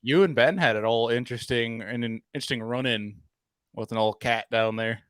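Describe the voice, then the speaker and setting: A man's voice: mid-range voice, fairly quick, fairly bright tone, smooth, dry recording. Male podcast host, easygoing interviewer, dry close-miked sound. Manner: laughs along, short reactions. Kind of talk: casual interview chat.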